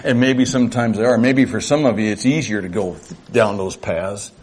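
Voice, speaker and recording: A man's voice: lowish voice, moderate pace, darkish tone, breathy edge. An older man preaching a sermon to his church, folksy and reflective, sometimes acting out little dialogues. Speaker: pastor.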